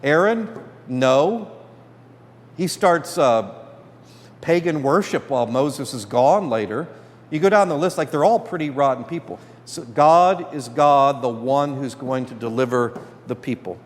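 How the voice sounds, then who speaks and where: A man teaching a Bible class as priest, animated and acting out the characters' complaints. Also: mid-range voice, a little slow. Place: church hall. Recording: long hall reverb.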